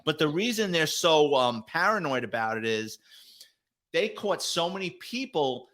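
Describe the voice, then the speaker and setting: Here a middle-aged man who retired from police detective work swaps casual stories as a guest, animated and profane, doing the voices of those he quotes and swearing a lot. He speaks at a measured pace in a voice on the high side.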